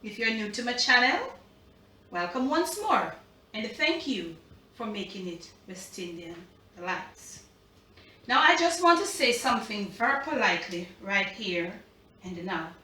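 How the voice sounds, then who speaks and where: A middle-aged Jamaican woman talks straight to her viewers in a casual cooking vlog, chatty and emphatic. Her voice sits fairly high and bright. She is recorded in a roomy, echoey home kitchen, a bit back from the mic. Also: recorded from a distance. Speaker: cooking channel host.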